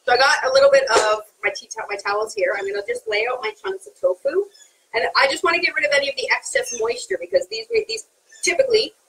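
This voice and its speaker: Bubbly high-voiced woman chef. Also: sing-song, quick pace, fairly bright tone, slight background noise, poor audio. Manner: chatty and bubbly, laughs often. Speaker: chef hosting a live cooking stream. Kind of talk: live cooking demonstration. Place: kitchen.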